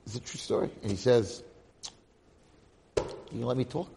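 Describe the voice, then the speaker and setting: A man in his sixties, a rabbi, telling a story to his congregation in an animated way with dramatic swings in loudness. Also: mid-range voice, moderate pace, vocal fry, noisy background.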